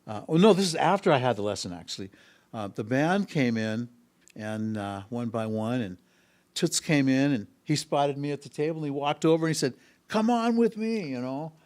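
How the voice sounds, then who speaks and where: A man who is a musician, guest on an interview podcast in a music school studio, telling a long story with many pauses and hesitations. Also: medium pitch, a little mellow. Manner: rambling, with frequent hesitations. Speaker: musician guest, harmonica and bass player.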